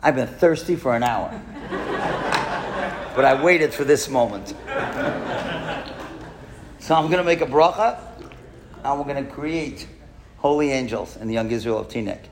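Animated, gravelly-voiced rabbi telling a story. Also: male voice, a little high, moderate pace, pauses often, background noise. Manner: animated storyteller, acts out quoted voices, jokes with audience. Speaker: rabbi lecturer. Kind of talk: storytelling lecture to a congregation. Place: synagogue hall with live audience.

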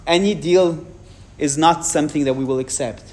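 Giving a public talk, a man with a French accent answers audience questions frankly, pausing deliberately and restarting now and then. His voice sits a little high, and there is a little hiss or hum.

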